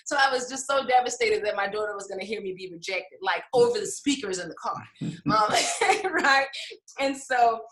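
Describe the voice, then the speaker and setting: A woman's voice: on the high side, animated, normal speed, a bit bright, reverberant, poor audio. A woman author and English professor telling her publishing story in an interview, emotional and laughing often, with frequent fillers. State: tearful at times.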